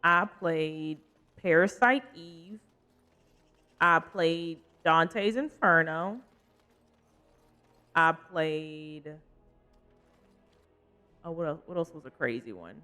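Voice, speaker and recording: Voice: medium pitch, very slow, pauses often, bright, forceful tone, smooth, soft background music. A young adult livestreamer chatting casually over gameplay, rambling between games, laughing often and answering chat.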